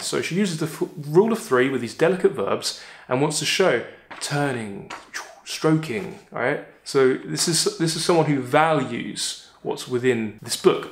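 A man teaching literature, talking through a poem in a chatty way, often checking in with "all right?" and reading quoted lines slowly. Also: medium pitch, roomy sound. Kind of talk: poem analysis lesson.

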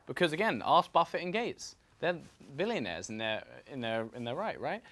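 A man coaching a room full of students at a seminar. His pitch moves around a lot as he talks, and he keeps checking in with "right?" and "you know?" as he goes. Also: moderate pace. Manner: animated, repetitive, fillers like "right?" and "you know". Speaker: real estate mentor. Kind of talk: seminar talk to a group.

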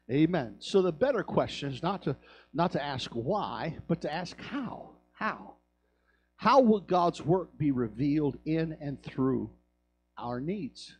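A man's voice: a little high, very animated, slow. A man preaching a sermon in a church, telling stories and building to fervent calls. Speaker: pastor. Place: church sanctuary.

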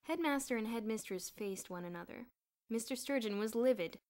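A woman reading a children's novel aloud in a clear, even storytelling manner. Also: fairly high pitch, normal speed. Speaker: audiobook reader.

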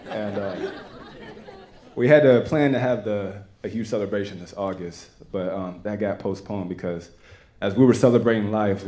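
A young man with a Texan accent giving an earnest, halting personal testimony to a church congregation. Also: on the low side, background noise. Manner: earnest, halting, with many restarts. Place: church sanctuary.

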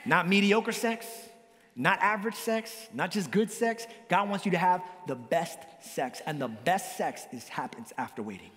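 Man, pastor, lively joking sermon, high voice, long hall reverb. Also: normal speed. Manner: lively, joking preacher with big swings in pitch. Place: church hall.

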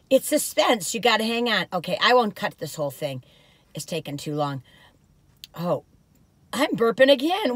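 A woman's voice: medium pitch, fairly bright tone, no room sound. An older woman chatting to her viewers in a rambling, talkative vlog from her car, with many asides and fillers. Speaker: vlog host reviewing cookies.

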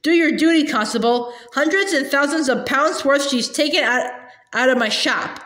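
A woman voicing an indignant, blustering stout shopkeeper in a storybook reading, shouting accusations. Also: high-pitched, moderate pace, echoey room.

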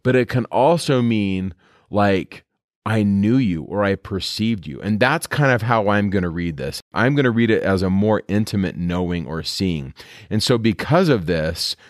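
A man hosting a scripture podcast, reading verses aloud and explaining them in a relaxed, conversational teaching manner. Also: on the low side, dry recording, clean studio sound.

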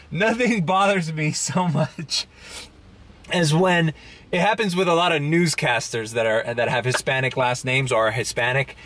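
A man's voice: a little high, measured pace, a bit bright, a little hiss or hum. A young man delivering food, ranting bluntly and sarcastically with swearing, speaking English with a slight Latino accent from inside his car. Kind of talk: casual rant vlog.

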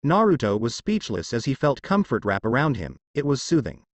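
Expressive male fanfiction narrator. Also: medium pitch, fairly quick, no echo.

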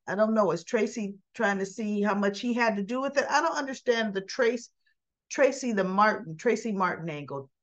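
A woman's voice: medium pitch, moderate pace. A woman casually recapping a daytime soap episode, acting out the characters' lines as she tells it. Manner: animated retelling, acts out dialogue in quotes. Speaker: soap opera reviewer. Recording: slightly dull lo-fi audio.

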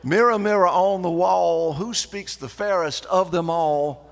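Man doing a genteel country-club lady, North Carolina accent, high, slow, echoey hall. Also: vocal fry. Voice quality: high, drawn-out, refined. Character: prim, airy country-club Southern lady.

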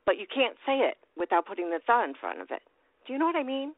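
A woman's voice: on the high side, huge pitch swings, quick pace, dry recording. Bubbly woman radio host, tinny sound. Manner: bubbly, laughs often. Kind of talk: casual radio interview.

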